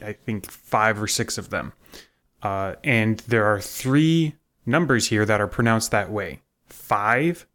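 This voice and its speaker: A man with a fairly low voice talks through an idea on a casual podcast. He builds his explanation slowly and restarts his sentences as he goes. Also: a bit bright. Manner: explains carefully with hesitant restarts. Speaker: podcast co-host. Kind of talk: casual chat.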